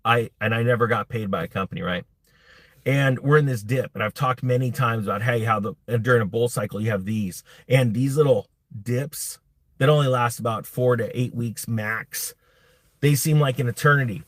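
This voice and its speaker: A man's voice: medium pitch, normal speed, dry recording. A man hosting a live crypto stream, talking bluntly and rambling with many restarts. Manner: blunt, rambling, self-interrupting. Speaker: crypto YouTube host. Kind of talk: live-streamed casual rant.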